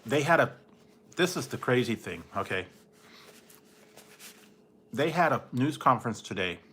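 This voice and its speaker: Hosting a relaxed late-night livestream, a man chats and rambles, laughing a lot and imitating other people. He has a mid-range, fairly bright voice with lively intonation and a measured pace, and there's a little hiss or hum.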